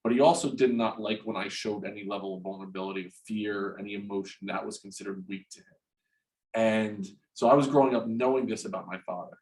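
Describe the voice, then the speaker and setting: A man in his forties from New Jersey, a guest in an interview, telling a personal story frankly and haltingly, restarting and repeating words and swearing freely. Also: lowish voice, steady tone, a little mellow, low-quality recording. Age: 40s.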